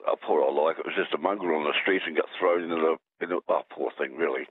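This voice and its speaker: A man's voice: a bass voice, quick pace, husky, dry recording. An Australian man calling in to a radio show, rambling and joking. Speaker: caller. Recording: tinny phone line.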